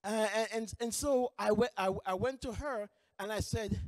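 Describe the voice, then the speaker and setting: A man giving a training lecture, telling lively stories with frequent restarts. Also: sits high, normal speed, few pauses, no echo, clean studio sound, long reverb tail. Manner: animated storytelling, many restarts. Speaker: employment trainer.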